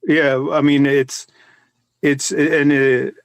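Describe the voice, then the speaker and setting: A man's voice: medium pitch, little pitch movement, slow pace, clean tone, no room sound. Rambling man in casual chat. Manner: rambling, many restarts and fillers. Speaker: comic artist.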